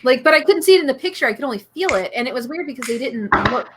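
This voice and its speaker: A woman's voice: sits high, expressive, racing, heavy background noise. A woman in casual chat, talking in a chatty, giggly way full of fillers. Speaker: psychic reader, co-host.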